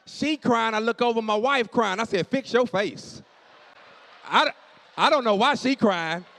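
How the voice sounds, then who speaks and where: Lively high-voiced male comedian. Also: measured pace. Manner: animated storytelling, acting out dialogue, shouting punchlines. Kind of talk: stand-up comedy. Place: church stage before a live audience.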